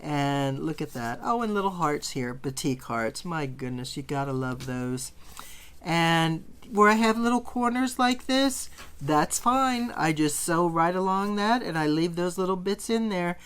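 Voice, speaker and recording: A middle-aged woman teaching quilting in a relaxed, chatty tutorial. She talks with bubbly enthusiasm, gushing over colors and fabrics as she goes. Her voice sits a little low for a woman. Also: a little slow, clear, resonant tone. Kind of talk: casual sewing tutorial.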